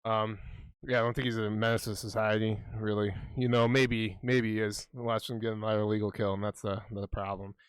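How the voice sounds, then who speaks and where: A man's voice: on the low side, little pitch movement, fairly quick, clear, resonant tone, no echo. Rambling, profane young man on a podcast. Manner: rambling, profane, laughs a lot while retelling clips. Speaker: podcast co-host. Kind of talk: casual chat.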